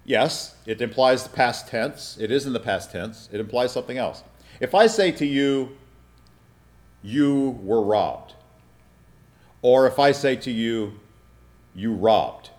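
A man's voice: medium pitch, unhurried, long pauses. A pastor preaching a teaching sermon, asking his congregation questions and checking that they follow with "all right?".

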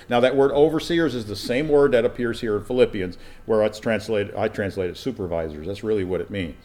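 A man's voice: lowish voice, a little fast, few pauses, a little mellow. A man as a pastor giving a conversational verse-by-verse Bible teaching, often asking his listeners rhetorical questions.

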